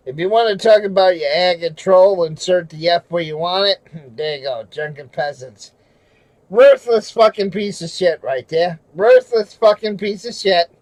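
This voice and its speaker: A furious man ranting on a livestream, his voice pitched high for a man. He swears at nearly every turn and often breaks into shouting. The sound is dry and close, with almost no room in it. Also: unhurried, no echo, poor audio. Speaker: livestreamer and auditor. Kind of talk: angry livestream rant.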